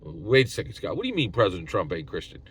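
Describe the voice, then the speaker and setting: Folksy opinionated man with a lively, lowish voice. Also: quick pace, husky, no room sound. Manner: folksy, opinionated, frequent "right?" tags. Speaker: channel host. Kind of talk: casual opinion commentary.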